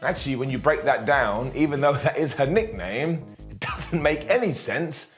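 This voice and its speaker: This wrestling recap comes from a man whose mid-range voice is animated and moves at an ordinary pace over faint background music. Sarcastic and jokey, he keeps mimicking the people he quotes.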